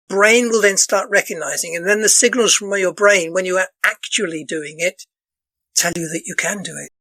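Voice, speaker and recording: On a dry, low-quality recording, a man with a high, somewhat bright voice that's turning hoarse speaks as a guest in a casual podcast interview. He's a dance counsellor who explains things earnestly, repeatedly looping back and restarting his phrases.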